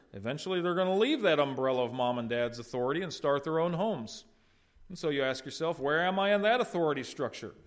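A middle-aged man preaching a sermon, addressing the congregation with rhetorical questions and short retold dialogue. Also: fairly high pitch. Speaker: pastor.

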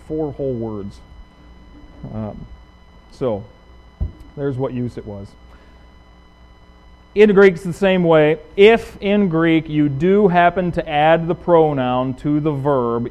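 A middle-aged man preaching a sermon as pastor, talking conversationally with emphatic rises and quick asides. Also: on the high side, a little mellow, poor audio.

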